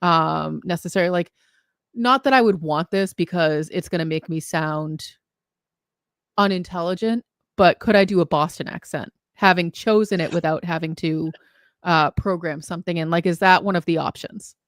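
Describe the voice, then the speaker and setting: Lower-voiced woman co-host, thoughtful. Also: normal speed, dry recording, clean studio sound. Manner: thoughtful, asks questions. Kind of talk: casual chat.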